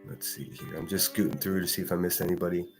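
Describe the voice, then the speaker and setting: A man's voice: deep voice, flat delivery, quick pace, soft background music. A man hosting a solo live stream, ranting with heavy profanity and answering chat comments. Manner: profane, heated, combative. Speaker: live-stream podcast host.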